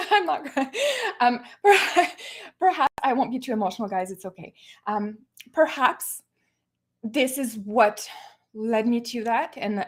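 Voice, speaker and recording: A woman hosting her own live stream, talking earnestly and directly to her viewers in casual commentary. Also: fairly high pitch. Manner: earnest, speaks straight to viewers.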